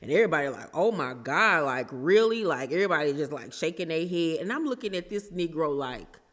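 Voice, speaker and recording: A woman's voice: low voice, animated, fairly quick, fairly bright tone, in a large hall. A woman giving blunt, sassy commentary as she recaps a reality TV episode for her channel. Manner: sassy, blunt, throws shade. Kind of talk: casual opinionated commentary.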